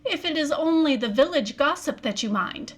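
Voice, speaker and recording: A cool, defiant young wife, voiced by a woman reading a novel aloud. Her replies are clipped and icy. She stays controlled, with a slightly raised pitch. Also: animated, normal speed. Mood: cold defiance.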